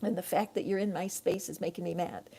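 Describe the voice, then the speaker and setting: Bitter red flower lashing out, as a woman puts it on, with a gravelly edge. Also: on the low side, steady tone, brisk, mellow. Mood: angry. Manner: snappish.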